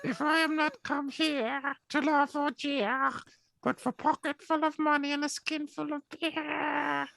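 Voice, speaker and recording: A man's voice: little pitch movement, bright, forceful tone, no room sound, exaggerated voice. A man voicing a kindly old Father Christmas in a friendly put-on voice for a comic folk play reading. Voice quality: high and gravelly. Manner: kind, friendly, slow delivery.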